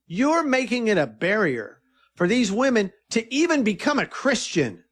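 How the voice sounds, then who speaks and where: A man's voice: sits high, normal speed. A man being interviewed about his film, telling stories in a casual, eager way and often quoting what others said. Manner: animated, eager storyteller who quotes others. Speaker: filmmaker guest.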